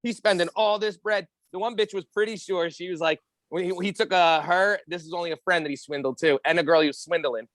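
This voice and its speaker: Podcast guy, higher voice, animated, acts out the people in his stories, dry close mic. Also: brisk, no echo. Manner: animated storyteller, acts out quotes. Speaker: podcast co-host. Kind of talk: casual profane chat.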